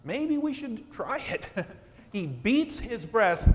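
A man preaching a sermon as pastor, animated and conversational, often checking in with "okay?". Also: very high voice, normal speed. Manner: animated preaching, acts out quotes, asks "okay?". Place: church sanctuary. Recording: long church reverb.

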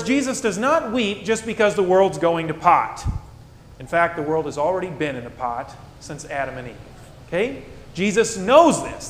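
A man's voice: sing-song, moderate pace. Preacher man in an echoey hall. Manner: rhetorical questions, swings between soft and emphatic. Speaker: pastor. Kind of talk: sermon. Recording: echoey hall with faint rumble.

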